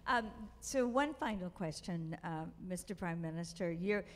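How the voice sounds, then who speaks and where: A woman moderating a panel, putting a question to a guest in a measured way with many fillers. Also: on the low side, animated. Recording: reverberant hall with faint ambience.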